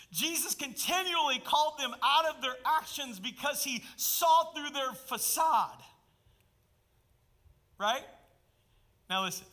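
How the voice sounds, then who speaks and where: A man delivering a sermon to his congregation. His voice sits fairly high and rings bright and forceful. He swings from emphatic, loud bursts down to hushed, intimate asides. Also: slow, long pauses. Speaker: pastor.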